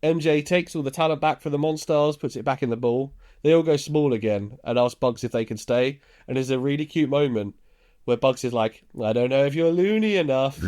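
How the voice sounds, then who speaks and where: With a brisk pace and fairly even intonation, this podcast co-host walks through a movie scene by scene in a relaxed, storytelling way. His mid-range voice is a little mellow, and he chuckles while recounting the scenes.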